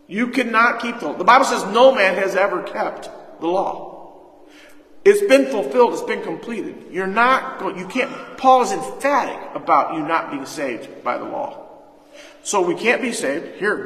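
A man with a high, bright voice preaches a sermon, throwing questions to his congregation and answering them himself. His voice rings through a large, echoing hall with a long reverb tail. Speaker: pastor. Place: church hall. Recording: echoey hall.

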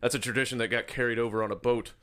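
A man's voice: medium pitch, steady tone, very fast, fairly bright tone. A man co-hosting a podcast, teasing his friends and swearing freely in crude, casual banter. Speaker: podcast co-host.

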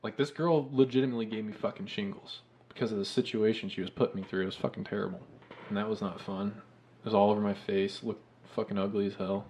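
A man's voice: on the low side, fairly even intonation, fast, a little mellow, a little hiss or hum. A man telling crude stories in a casual podcast chat, rambling and laughing as he goes.

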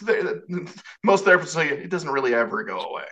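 Bright-voiced man hosting, rambling. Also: fairly high pitch, animated, a little fast, a little hiss or hum, rough recording. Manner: rambling, casual, swears, restarts a lot. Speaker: podcast host. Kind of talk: casual interview chat.

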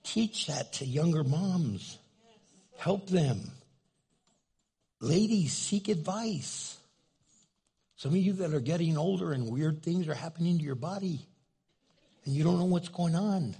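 An older man preaches with a playful, joking storytelling manner. His voice is gravelly and a little husky, sitting somewhat high for a man. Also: lively intonation, measured pace, long pauses, dark tone. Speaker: pastor. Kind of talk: sermon.

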